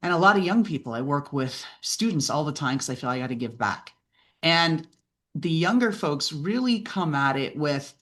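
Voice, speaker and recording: Animated woman mentor telling stories. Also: low voice, moderate pace. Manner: lively storyteller who acts out quoted voices and often asks "right?". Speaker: podcast guest and business mentor. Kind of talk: animated interview conversation.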